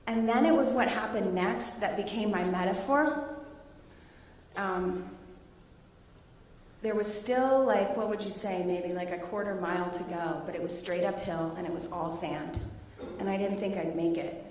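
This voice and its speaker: A middle-aged woman, a teacher, presenting her research to students and taking questions in a lively, laughing way. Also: medium pitch, measured pace, a little hiss or hum. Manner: animated, laughing storyteller. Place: large echoey hall. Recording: echoey hall, voice from a distance.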